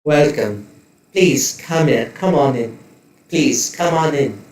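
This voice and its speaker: A man voicing a poised, smiling female corporate executive who speaks politely while making quiet threats. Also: a little high, expressive, heavy reverb, recorded from a distance. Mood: welcoming. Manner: polite, measured, coolly threatening.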